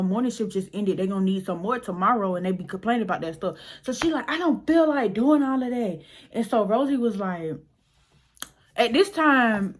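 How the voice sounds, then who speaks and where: A young woman vlogger telling a casual storytime tale, animated and slangy, acting out the people in it. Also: medium pitch. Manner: animated, slangy, acts out voices.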